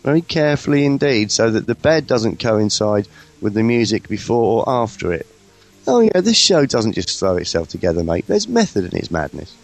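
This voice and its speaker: A man from the UK co-hosting a comedy podcast, his voice swooping over a wide, lively range. He rambles along in a cheeky, casual banter, with faint music in the background. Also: lowish voice, moderate pace. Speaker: podcast co-host.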